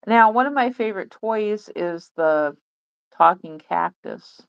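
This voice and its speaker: A woman's voice: mid-range voice, lively intonation, measured pace, vocal fry, clean tone, highs cut off. Rambling, chatty woman livestreamer. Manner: rambling, chatty, many fillers. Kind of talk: casual livestream chat.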